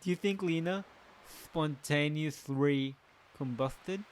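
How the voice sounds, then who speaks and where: A man's voice: a little high, takes it slowly, slight background noise. A man casually commenting as he plays a video game, chatting to his viewers and joking along. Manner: chatty, talks to viewers, jokes and laughs. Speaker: gaming channel host. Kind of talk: casual let's play commentary.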